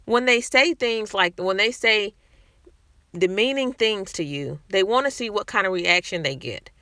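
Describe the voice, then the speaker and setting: A woman's voice: mid-range voice, expressive, a little slow, fairly bright tone, dry recording, clean studio sound. A woman talking candidly to camera in a casual vlog, speaking conversationally and restarting her sentences often. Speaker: vlogger sharing personal experience.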